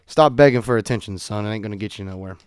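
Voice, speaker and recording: A young man telling stories in an animated way on a casual podcast monologue. He swings between loud outbursts and quiet asides. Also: on the low side, fast talker, clean tone, dry recording, studio quality. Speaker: podcast host.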